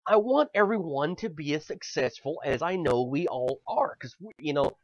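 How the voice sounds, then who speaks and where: A man's voice: fairly high pitch, expressive, normal speed, no echo. A man in his thirties co-hosts a casual comedy podcast. He is loose and profane and swings from mock bragging to joking gloom. The sound is dull and lo-fi, with a dry, close feel. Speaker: podcast co-host.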